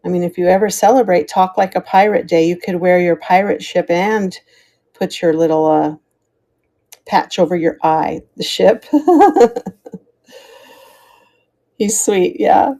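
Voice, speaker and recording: An American woman hosts a live jewelry sale stream, chatting casually as she shows pieces, calling out starting prices and thanking viewers by name. Her voice is fairly low and mellow, with a steady tone at normal speed.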